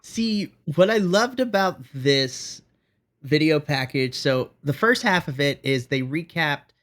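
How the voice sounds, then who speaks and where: A man co-hosting a podcast takes his time, speaking slowly and expressively in a fairly high, slightly bright voice. He's casually and animatedly discussing a wrestling show and acting out his own reactions.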